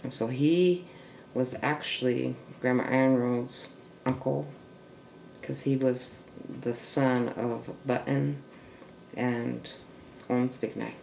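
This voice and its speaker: Gravelly man telling family history. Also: medium pitch, steady tone, a little mellow. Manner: halting, with restarts and trailing fillers. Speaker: family storyteller. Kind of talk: oral history storytelling. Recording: echoey room with faint background noise.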